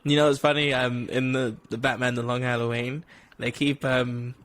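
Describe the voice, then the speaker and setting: This young male podcast co-host has a medium-pitched, fairly bright voice with little pitch movement and a moderate pace. He chats casually and rambles, poking fun at himself and laughing often.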